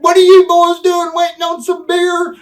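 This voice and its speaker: A man voicing a big, brash male wrestler who greets old friends loudly and heartily. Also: extremely high pitch, completely flat delivery, moderate pace, recorded from a distance, voice pushed up. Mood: hearty.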